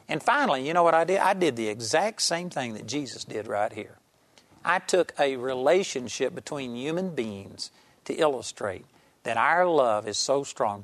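A man's voice: medium pitch, fairly bright tone, no room sound. A man preaching a televised sermon, telling a story earnestly and with emphasis, acting out the people in it.

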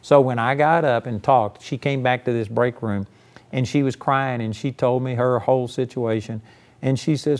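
A man's voice: medium pitch, fairly even intonation, moderate pace. A man preaching a conversational sermon, folksy and emphatic, telling personal stories to make his point. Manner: folksy, storytelling, emphatic, frequent "you know".

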